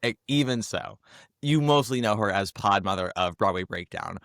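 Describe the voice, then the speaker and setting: A man hosting a podcast, hoarse from laryngitis, chatting in a campy, teasing way. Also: fairly low pitch, expressive, fairly bright tone, no room sound, clean studio sound. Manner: campy, teasing, quick jokes. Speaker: podcast host. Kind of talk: casual chat.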